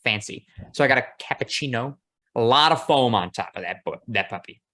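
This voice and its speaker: Male podcast host, relaxed casual chat, easygoing, casual swearing. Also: mid-range voice, brisk.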